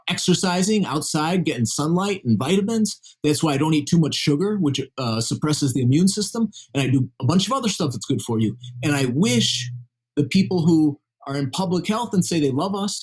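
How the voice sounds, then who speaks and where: Husky man, earnest guest author. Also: a little high, a little mellow. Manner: earnest, explanatory. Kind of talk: conversational interview.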